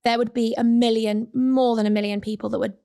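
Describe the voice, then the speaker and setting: A young woman chatting as a podcast guest, her words tumbling out quickly. She talks emphatically, repeating phrases and acting out what people said, in a voice pitched a little high. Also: flat delivery, gravelly, crowd noise. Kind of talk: casual chat.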